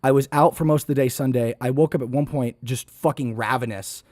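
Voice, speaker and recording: A man's voice: mid-range voice, steady tone, a little fast, darkish tone, no room sound, studio quality. A young man on a podcast, telling a long, rambling, self-deprecating story in a casual way, often mimicking other people. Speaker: podcast guest.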